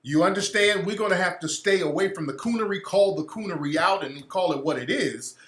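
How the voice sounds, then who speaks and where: A man hosting a radio show, delivering a combative, profane and mocking monologue. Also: on the high side. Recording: echoey room.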